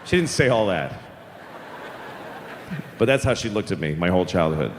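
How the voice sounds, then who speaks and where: A man's voice: low voice, sing-song, normal speed, a little hiss or hum. Middle-aged man ranting on a comedy stage. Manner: profane, exasperated ranting with sudden shouts. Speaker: stand-up comedian. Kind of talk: stand-up comedy routine. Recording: live hall reverb, faint ambience.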